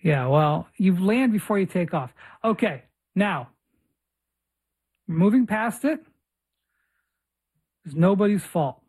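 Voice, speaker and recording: A man's voice: sits high, animated, slow, pauses often, darkish tone, breathy edge. A man hosting a podcast, chatting casually and telling long rambling stories about his own mix-ups. He pokes fun at himself and doubles back to restart his sentences as he goes. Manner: rambling storyteller, self-mocking. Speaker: podcast host. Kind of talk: casual chat.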